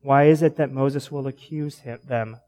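At an ordinary pace and in a mid-range voice, this young pastor delivers a church sermon, telling stories in a relaxed, lively way punctuated by frequent laughter.

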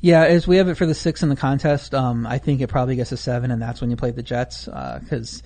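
A man's voice: mid-range voice, fairly even intonation, fast talker, a little mellow. A man co-hosting a podcast, giving casual football betting analysis packed with stats. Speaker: podcast co-host.

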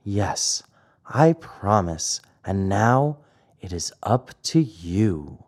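Storybook role: man playing a firm, gentle fairy mother, lower and unhurried, lively phrasing. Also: heavily acted. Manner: soft, calm, instructive. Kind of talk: audiobook character reading.

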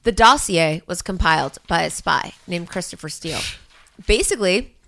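A woman's voice: lowish voice, lively intonation, vocal fry, fairly bright tone. Profane, sarcastic woman podcast co-host. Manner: profane, sarcastic, rapid rants. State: tipsy. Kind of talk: casual chat.

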